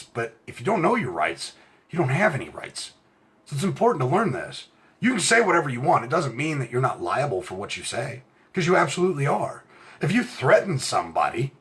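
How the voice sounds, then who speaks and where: A middle-aged American man giving an impassioned, profane talk about rights, swinging from quiet asides to shouting. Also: medium pitch. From United States. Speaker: self-styled legal rights speaker. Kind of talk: impassioned direct-to-camera rant.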